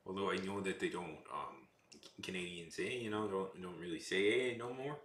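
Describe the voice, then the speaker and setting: Joking streamer man, bright voice. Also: low voice, normal speed, roomy sound. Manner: rambling, playful joking with chat. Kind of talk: casual livestream chat.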